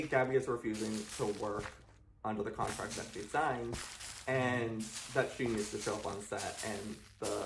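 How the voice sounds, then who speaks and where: A man's voice: medium pitch, gravelly. A man from the production crew giving a matter-of-fact, firm interview account. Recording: echoey room with background noise.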